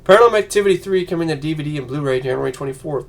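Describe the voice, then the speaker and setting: A man's voice: a little high, lively intonation, fast talker, creaky, few pauses. Angry profane man ranting about movies. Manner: profane, yelling, mocking voices. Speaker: vlogger.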